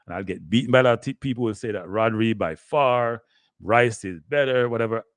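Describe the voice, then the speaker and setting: A man's voice: mid-range voice, fairly quick, dry recording. An older man with a Jamaican accent hosting a rambling live sports talk stream, slipping into patois and talking straight to his viewers. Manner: rambling, slips into patois, keeps addressing "people".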